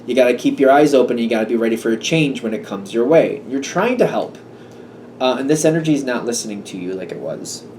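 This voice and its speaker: Mellow-voiced man musing through a tarot reading. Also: mid-range voice, expressive, quick pace. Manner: musing, hesitant, full of fillers and restarts. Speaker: tarot reader. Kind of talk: casual tarot reading monologue. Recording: slightly distant mic with faint room noise.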